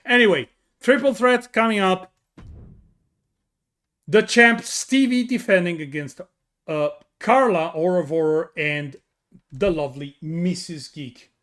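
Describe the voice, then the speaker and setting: Italian guy calling wrestling, high bright voice, yells on the big spots, slow drawn-out delivery. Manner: bursts into shouts on big moves, jokey asides to co-hosts. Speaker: wrestling commentator. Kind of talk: excited play-by-play commentary.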